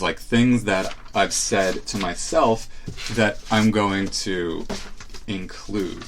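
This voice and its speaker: A man's voice: low voice, fairly bright tone, slight background noise. A man hosting a solo podcast, talking casually in a rambling, hesitant, self-reflective way. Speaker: podcast host. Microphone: live stream setup.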